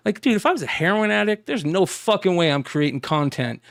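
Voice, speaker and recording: A man's voice: high-pitched, a little fast, creaky, no echo. Profane, storytelling podcast man, dry sound. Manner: animated storytelling, profane, acts out quoted exchanges. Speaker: co-host. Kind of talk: casual podcast chat.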